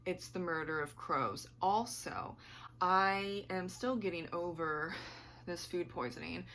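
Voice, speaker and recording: A woman's voice: fairly low pitch, slow pace, fairly bright tone, a little hiss or hum. A woman book vlogger chatting casually to camera at home, rambling and laughing often, her voice slightly worn.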